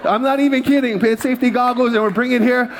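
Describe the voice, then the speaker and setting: A man preaching a conversational sermon from a church stage, dropping into quiet asides and rising into loud, excited storytelling. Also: very high voice, fast. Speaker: pastor.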